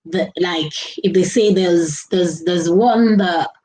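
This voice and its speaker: A woman's voice: lowish voice, slow, dark tone, low-quality recording. A middle-aged woman, chatting casually on a live stream, laughing often and talking to viewers. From Nigeria. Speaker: live-stream host reading viewer comments.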